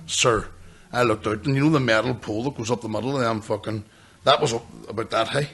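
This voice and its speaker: A man's voice: medium pitch, fast talker, fairly bright tone, husky. A man, co-hosting a podcast and telling stories in casual, sweary chat, often laughing. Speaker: podcast co-host.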